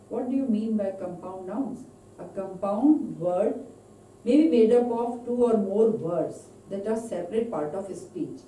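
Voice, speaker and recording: A woman with an Indian English accent gives a recorded lecture, drawing out each example word with deliberate emphasis. Her voice is dark and mellow, with a lively rise and fall. She sits back from the mic in an echoey room. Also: mid-range voice, far from the mic, a little hiss or hum. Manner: slow, deliberate, stresses example words. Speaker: English teacher.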